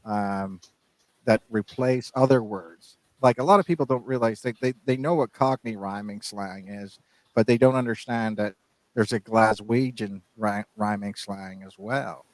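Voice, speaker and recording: A man with a lowish voice chats on a podcast, wandering through long thoughts and restarting his sentences as he goes. The sound is close and dry, with no room around it. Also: measured pace, a little mellow, no echo, low-quality recording. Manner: rambling, restarts sentences often. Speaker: podcast co-host. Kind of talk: casual podcast chat.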